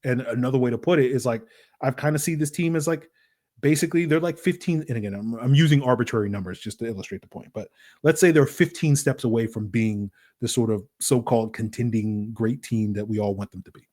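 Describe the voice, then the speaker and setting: A man hosting a solo sports podcast, talking in an animated, rambling way with lots of fillers and rhetorical "right?" questions. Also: medium pitch, fairly quick. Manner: acts out voices in quoted asides. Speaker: podcast host.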